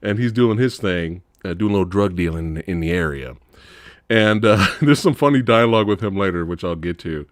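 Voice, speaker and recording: A man hosting a casual movie review chat, animated, laughing often and acting out characters in high voices. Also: fairly quick, no room sound, clean studio sound. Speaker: host.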